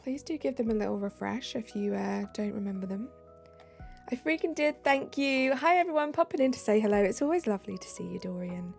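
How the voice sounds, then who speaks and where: Tired british girl chatting on stream, bit of fry in her voice, faint music under it. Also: on the high side, animated, a little fast. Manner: chatty and giggly, drops into soft asides. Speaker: live streamer. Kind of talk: casual live-stream chat, reading chat aloud.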